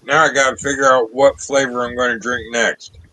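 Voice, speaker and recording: A man's voice: medium pitch, level tone, moderate pace, bright, forceful tone, poor audio. A man joining a casual chat with wry, joking remarks.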